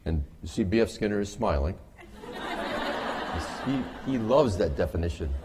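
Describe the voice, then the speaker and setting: A man's voice: lowish voice, lively intonation, normal speed, crowd noise, noisy background. A man giving a humorous conference lecture on behavior analysis, wry and joking with the audience. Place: conference hall.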